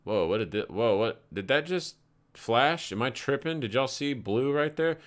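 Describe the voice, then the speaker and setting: A man's voice: medium pitch, animated, normal speed, fairly bright tone. A man hosting a live crypto trading stream, talking casually through charts and stories in a rambling, laid-back way and swearing freely. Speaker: crypto trading livestream host.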